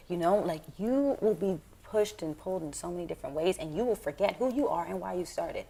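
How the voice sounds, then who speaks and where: Frank, animated young woman comedian. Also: fairly low pitch, a little fast, vocal fry, breathy edge. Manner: animated storyteller, breaks into voices of people she quotes; frank, swears casually, laughs often. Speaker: interview guest, comedian. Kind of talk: casual interview chat.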